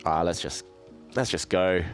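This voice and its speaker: A man with a low, deep voice talks through his chess moves on a live stream. He thinks aloud, chats easily with his viewers and pokes fun at himself. Soft music plays faintly behind him. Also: a little slow. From southeast England. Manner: thinks aloud, self-deprecating, chatty with viewers. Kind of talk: casual live-stream commentary while playing.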